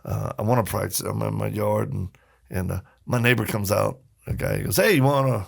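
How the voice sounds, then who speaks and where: A man who is a podcast guest, telling personal stories in a casual, animated way and acting out the voices of the people he quotes. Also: on the low side, brisk, creaky, slightly rough. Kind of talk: casual storytelling.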